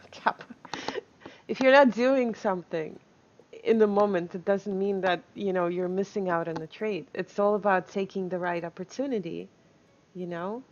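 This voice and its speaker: A woman's voice: mid-range voice, muffled recording. A woman streaming live, chatting casually with viewers, reading chat aloud and laughing often.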